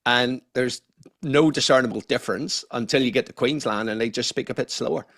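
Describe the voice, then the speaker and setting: A man's voice: medium pitch, a little fast, fairly bright tone, dry recording, clean studio sound. A middle-aged man with a Northern Irish accent touched by Australian vowels, telling his story candidly in a casual interview, now and then swearing. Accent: Northern Irish with a slight Australian tinge. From Northern Ireland. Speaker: guest, neuroscientist.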